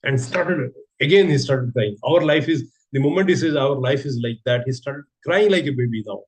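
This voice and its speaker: A man's voice: fairly high pitch, lively intonation, normal speed, breathy edge. A man giving a sermon, telling a story and asking rhetorical questions. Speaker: preacher giving a scripture class.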